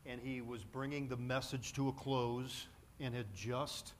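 A man's voice: mid-range voice, steady tone, unhurried, slight background noise. A man preaching a sermon from a church pulpit, telling a story with lots of fillers and restarts. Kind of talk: sermon with anecdote.

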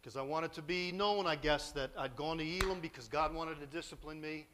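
A man's voice: fairly high pitch, a little fast, noisy background. A man preaching a storytelling sermon, confessional and emotional, with self-deprecating humor.

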